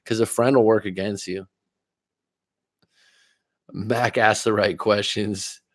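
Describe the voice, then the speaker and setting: A man hosting a relationship coaching livestream, speaking in a fairly low voice. He chats loosely with viewers, laughs easily and leans on his own stories. The recording is close and dry, with no room sound. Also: fairly even intonation, slow pace, no room sound. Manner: casual, laughs often, tells personal stories. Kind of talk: livestream chat reading comments.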